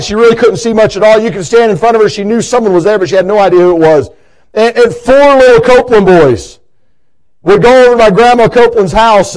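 A man's voice: very high voice, low-quality recording. A middle-aged man preaching a sermon in a church, telling folksy stories with many stammered restarts. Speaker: pastor.

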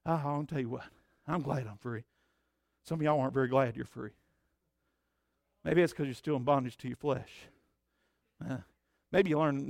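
A man preaching a sermon as pastor, swinging between loud emphatic declarations and low conversational asides. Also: vocal fry, dry recording, clean studio sound.

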